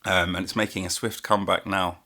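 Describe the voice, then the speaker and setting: A man's voice: deep voice, little pitch movement, brisk, sharp tone. A man hosting a podcast in casual chat, laughing easily and asking meandering questions. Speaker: podcast host.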